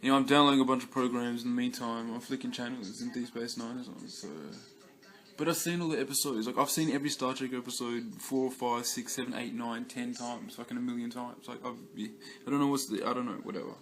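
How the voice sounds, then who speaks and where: A man's voice: medium pitch, fairly even intonation, fast, fairly bright tone. Rambling, swearing Australian guy. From Western Australia. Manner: rambling, heavy swearing, many restarts and fillers. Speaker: vlogger. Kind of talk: casual rambling vlog chat.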